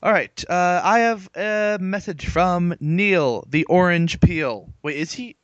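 A man co-hosting a podcast in casual chat, joking with quick asides and frequent laughs, on a dull lo-fi recording. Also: high-pitched, fairly bright tone, no room sound. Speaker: podcast co-host. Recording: dull lo-fi sound.

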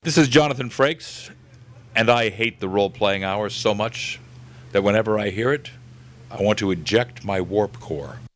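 A man's voice: lowish voice, moderate pace, fairly bright tone, close to an everyday voice. A man doing an exasperated impression of a famous male actor complaining about the show. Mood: grumbling.

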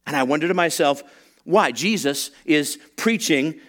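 A man's voice: on the high side, unhurried. A man preaching a sermon, telling a story with humor and acting out the voices of the people in it. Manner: animated storytelling, acts out voices, humorous asides. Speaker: pastor.

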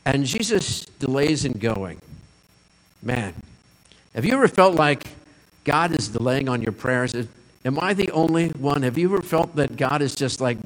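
Earnest male pastor preaching in a reverberant hall. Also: on the high side. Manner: earnest, asks listeners questions, repeats lines for emphasis. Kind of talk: sermon.

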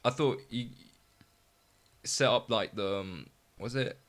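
A man giving casual, rambling feedback, full of likes and yeahs and quick laughs. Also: medium pitch, fairly bright tone. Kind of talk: casual chat.

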